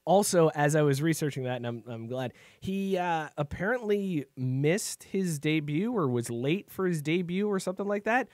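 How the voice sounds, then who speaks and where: A man co-hosting a casual podcast, with a somewhat high voice. He talks in a relaxed way and fills the gaps with "uh"s. The sound is dry and close. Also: normal speed, hardly any pauses, no room sound. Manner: laid-back, many fillers and laughs. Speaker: podcast co-host. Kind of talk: casual chat.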